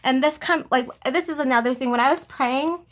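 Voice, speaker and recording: A young woman giving an emotional religious testimony, earnest and halting, close to tears, with many restarts. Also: high-pitched, fairly bright tone. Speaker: vlogger sharing religious testimony.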